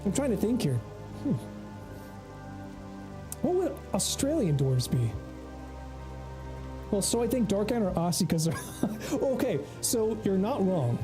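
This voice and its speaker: Streaming a game with music in the background, this American man from the South jokes and rambles to his chat in a Southern accent. His high-pitched voice is very animated, yet he speaks at a measured pace with long pauses.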